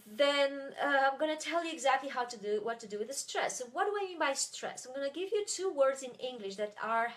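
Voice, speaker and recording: A woman with a French accent teaching as a language tutor in a live webinar, chatty and full of fillers and restarts. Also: on the high side.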